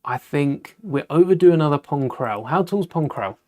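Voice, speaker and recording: A British man with a fairly high voice hosts a live Lego stream at a moderate pace. He chats in a relaxed, offhand way, thinking aloud while building and occasionally pausing to answer viewers' questions.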